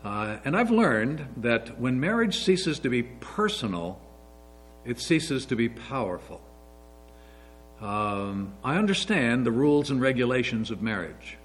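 A man's voice: mid-range voice, very animated, unhurried, slight background noise, poor audio. A man in his sixties giving an earnest, story-filled sermon as a pastor. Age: 60s.

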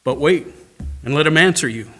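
A man's voice: fairly high pitch, a little fast, bright, forceful tone, faint music behind. A man preaching a sermon, reading scripture aloud and addressing the congregation directly, rising to impassioned cries. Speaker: pastor.

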